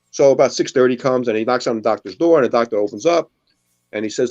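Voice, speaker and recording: A man's voice: mid-range voice, fast, a little mellow. Man telling jokes, slightly muffled sound. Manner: storyteller who acts out the characters' lines. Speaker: co-host. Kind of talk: telling jokes on a web show.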